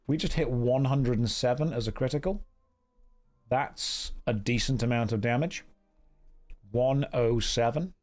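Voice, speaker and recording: A young man with a Midwest American accent, chatting through a game stream at an easy middle pitch. He reads his chat aloud and answers it with dry, teasing humor, switching between jokes and quick game notes. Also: darkish tone, soft background music. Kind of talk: casual live-stream commentary.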